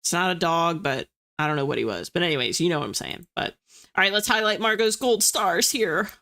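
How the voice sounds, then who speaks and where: A young woman from the US East Coast hosts a livestream, casually chatting and reading viewer comments with self-deprecating humor. Her voice is fairly low, with lively intonation, a fairly quick pace, and a sharp tone.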